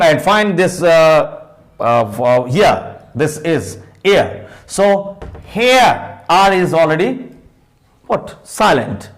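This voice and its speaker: Male English teacher, Indian English accent, high and lively pitch, spells out words and answers his own questions. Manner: spells words letter by letter and counts sounds aloud. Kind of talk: phonetics lesson.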